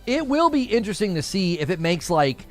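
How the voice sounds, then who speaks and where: Animated man hosting a livestream. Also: high-pitched, faint music behind. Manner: animated, laughs often, quick asides. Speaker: livestream host. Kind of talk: casual livestream chat, reading viewer messages.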